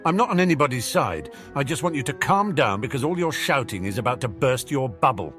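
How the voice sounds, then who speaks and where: A man voicing a level-headed teenage boy who calmly settles an argument. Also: mid-range voice, brisk, soft background music, pitched above the performer's own voice. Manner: calm and reasonable.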